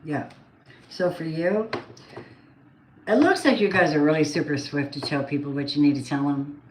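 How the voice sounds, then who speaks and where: A woman's voice: sits low, moderate pace, darkish tone. A woman giving a casual tarot card reading, chatty and blunt, swearing now and then. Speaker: tarot reader. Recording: roomy echo, faint noise.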